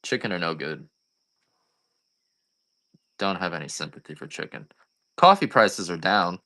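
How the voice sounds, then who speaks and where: A man's voice: low-pitched, lively intonation, unhurried, pushed and bright. A man, a coffee farmer selling on a live stream, chatting casually and going off on rambling, joking rants.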